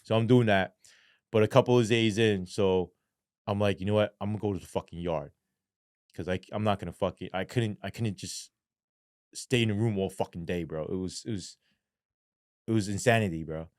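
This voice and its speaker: Profane New man, low dry voice. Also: moderate pace, long pauses, no room sound. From New York. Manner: profane and animated, keeps asking "right?". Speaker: guest. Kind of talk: casual storytelling.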